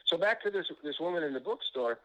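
A man's voice: fairly high pitch, lively intonation, fast talker, fairly bright tone, highs cut off. A man being interviewed as an author, telling anecdotes in a rambling way, often restarting sentences and filling gaps with "you know.".

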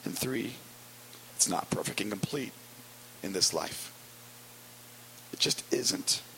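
A man preaching a conversational sermon as pastor, wry and storytelling with quick asides. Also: sits low, animated, sharp tone, slight background noise, low-quality recording.

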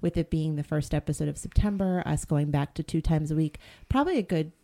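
A woman's voice: low-pitched, fairly quick, mellow. A middle-aged woman from the Boston area co-hosting a podcast, chatting at length about the show's plans. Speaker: podcast co-host. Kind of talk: casual podcast chat.

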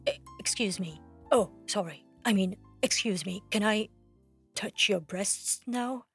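A man's voice: high-pitched, measured pace, a bit bright, husky, dry recording, soft background music, heavily acted. A woman voicing a posh, awkward man who keeps apologizing and asking permission, hesitant and stammering. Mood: apologetic. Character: awkward posh pale man, overly polite in bed.

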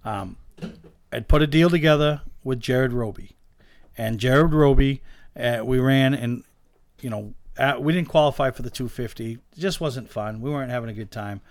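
In a casual podcast chat, a male guest who owns race cars tells lively stories about them, animatedly acting out the voices and dialogue of the people involved. His mid-range voice moves at normal speed, recorded with studio quality and no echo.

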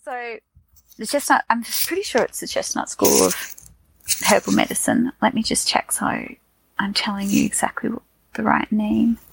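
Gravelly Australian woman chatting casually. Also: fairly high pitch, normal speed, dry recording, low-quality recording. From Australia, Tasmania. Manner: chatty, rambling with fillers and restarts. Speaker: podcast co-host. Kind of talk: casual chat.

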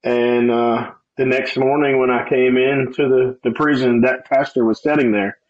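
Lively man telling his story, lo-fi. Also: medium pitch, normal speed. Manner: animated storyteller, acts out quoted voices, laughs often. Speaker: guest sharing testimony. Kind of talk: conversational testimony. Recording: slightly dull, lo-fi sound.

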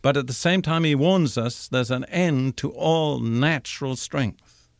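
Slow, emphatic older male preacher. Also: medium pitch, vocal fry, dry recording, clean studio sound. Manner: measured, slows to stress key words. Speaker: Bible teacher. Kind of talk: recorded radio sermon.

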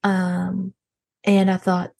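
Using an exaggerated, darkish mid-range voice with vocal fry, drawn-out words, and a completely flat delivery, a woman plays a show's main character, a frazzled, rich Southern mom who is dramatic and petty. In this comedic monologue she's exasperated, rambling and gossiping with many restarts while acting out others' voices.

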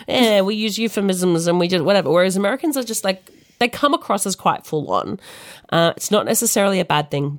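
A woman's voice: fairly low pitch, no room sound, clean studio sound. A young Australian woman telling a frank personal story in casual, chatty podcast talk, full of "like". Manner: chatty, frank, lots of "like" fillers.

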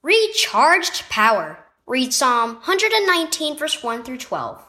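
Bright, lively woman reading a devotional. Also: on the high side, measured pace, few pauses. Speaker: devotional reader. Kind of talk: children's devotional story reading.

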